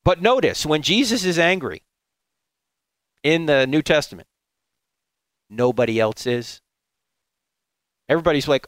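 Emphatic man preaching with lively pitch. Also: moderate pace, pauses often, no room sound. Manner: emphatic, with high mocking voices for quoted objectors. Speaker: apologetics speaker. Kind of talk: preaching talk.

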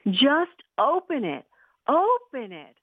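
A woman voicing an excited, fibbing young boy with high, squealing shouts, heard over a dry, tinny phone-like radio sound. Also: takes it slowly, no echo, exaggerated voice. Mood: eager.

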